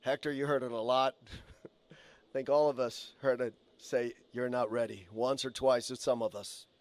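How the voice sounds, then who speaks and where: A man's voice: mid-range voice, steady tone, measured pace, dry recording. A man delivering an earnest memorial eulogy for a colleague, telling stories and quoting the deceased. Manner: earnest storytelling with quoted asides. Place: funeral home chapel.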